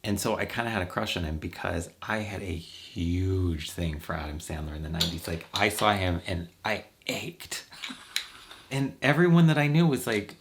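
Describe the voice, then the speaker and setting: A man with a low, gravelly voice chats away while he puts on his makeup. He rambles from one thought to the next with campy little asides. It is a relaxed, casual vlog chat. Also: normal speed, long pauses. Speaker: makeup vlogger.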